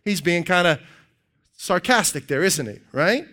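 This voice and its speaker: A middle-aged man preaching a sermon as pastor, conversational and animated, tossing out rhetorical questions. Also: high-pitched, measured pace.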